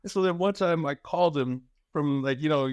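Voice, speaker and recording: A man co-hosting a podcast, telling family stories in a lively way and acting out the voices of the people he quotes. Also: on the high side, fairly quick, clear, resonant tone, no room sound. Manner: animated storyteller, acts out quotes. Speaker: podcast co-host. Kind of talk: casual chat.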